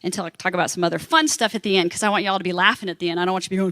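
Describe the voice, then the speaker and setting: A woman telling a lively anecdote to a convention panel audience, acting out the voices of the people in her story. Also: on the low side, racing, hardly any pauses, no room sound. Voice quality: animated, acts out quoted voices. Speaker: panel speaker.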